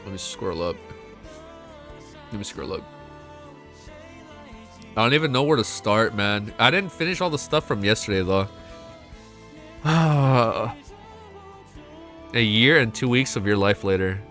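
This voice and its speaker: A young man live-streaming a reaction, reading a novel aloud and chatting excitedly, swearing a lot, with a stuffy nose and close to tears. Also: fairly low pitch, measured pace, pauses often, faint music behind.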